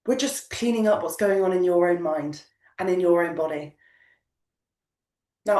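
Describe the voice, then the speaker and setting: A woman coaching a group of business owners, speaking emphatically and repeating her points in a motivational way. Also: medium pitch. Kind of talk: coaching session talk. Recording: echoey room, distant mic.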